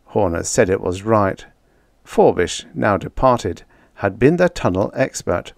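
A man narrating a vintage science fiction story as an audiobook, in a measured, steady reading with dramatic lift. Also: lowish voice, gravelly, no echo, studio quality.

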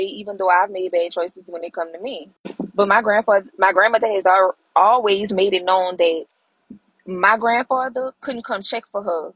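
Woman storyteller, husky, dry close sound, lively and colloquial. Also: medium pitch, no room sound, rough recording. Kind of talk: storytelling in a stitched clip.

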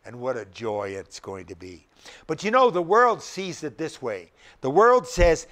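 A man's voice: fairly high pitch, sing-song, unhurried, fairly bright tone. An older male pastor preaching a sermon, emphatic and often putting rhetorical questions to the congregation.

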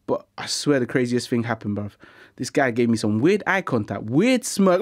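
A young man telling a comic story in an animated, slangy, conversational way. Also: mid-range voice, moderate pace. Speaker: comedic storyteller. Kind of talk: comic monologue narration.

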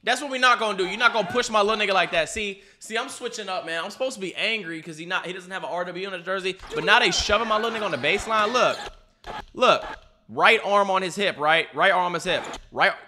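A man's voice: high voice, fast, bright, forceful tone. A young man giving casual, profane reaction commentary, talking straight at the screen in slang as he watches a game. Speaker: YouTuber reacting to game footage.

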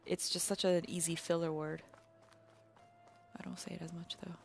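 A woman's voice: lowish voice, flat delivery, normal speed, creaky, soft background music. A woman from Canada, a community manager chatting casually while streaming a video game, playful and giggly, sometimes dropping to a whisper. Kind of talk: casual gameplay chat.

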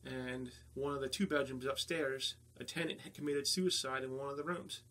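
Bright-voiced North Jersey man. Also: medium pitch, steady tone. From New Jersey. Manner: measured, halting, with many fillers. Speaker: paranormal investigator guest. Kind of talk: casual interview talk.

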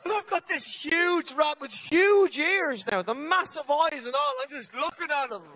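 High-voiced Irish stand-up comic. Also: male voice, expressive, bright, forceful tone. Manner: rambling, profane, acts out characters in quick asides. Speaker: stand-up comedian. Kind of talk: stand-up comedy set. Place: theatre stage before a live audience. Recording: live show recording with audience noise.

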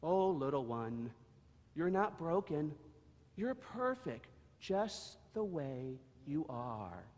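A man voicing a gentle, kind grown man who reassures a frightened donkey. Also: fairly high pitch, sing-song, slow, full character voice. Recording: long echo of a large hall.

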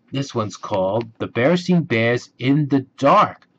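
Cast note: man reading a bedtime storybook, lively pitch, lo-fi sound. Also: a little slow, slight background noise. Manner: animated read-aloud with character voices. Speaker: storybook reader. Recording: dull lo-fi recording.

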